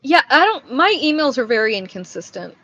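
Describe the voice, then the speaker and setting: A woman's voice: high-pitched, sing-song, brisk, sharp tone, muffled recording. A young woman hosting a craft livestream, chatting casually and rambling with lots of fillers as she reads comments. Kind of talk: casual chat reading live comments.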